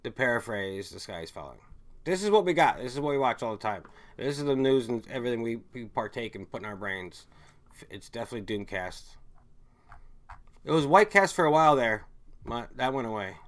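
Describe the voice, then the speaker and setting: A man's voice: mid-range voice, sing-song, brisk, fairly bright tone. A man hosting a casual stream, rambling and swearing as he reads viewer chat and drifts between stories. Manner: rambling, profane, trails off and restarts mid-thought.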